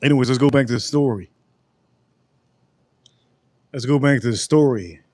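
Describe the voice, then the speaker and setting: A man hosting a casual livestream drink review, talking in a mid-range voice. He rambles and jokes, breaking into animated outbursts now and then. His voice sounds close and dry, with no room echo. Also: medium pitch, moderate pace. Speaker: livestream host.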